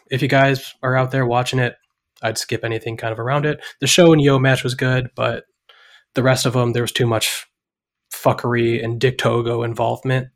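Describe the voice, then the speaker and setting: Opinionated man in halting podcast chat. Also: medium pitch. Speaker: podcast co-host.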